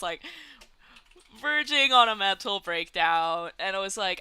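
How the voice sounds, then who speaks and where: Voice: medium pitch, sing-song, a little fast, pushed and bright, clear, resonant tone. Giggly, chatty young streamer. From Canada. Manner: chatty, giggly, many "like" fillers. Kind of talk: casual chat while gaming.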